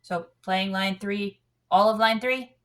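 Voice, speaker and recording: During a piano lesson, a woman with a mid-range voice speaks slowly and with fairly even intonation. Patient in her explanations, she demonstrates by singing the counts while playing, and piano sounds in the background.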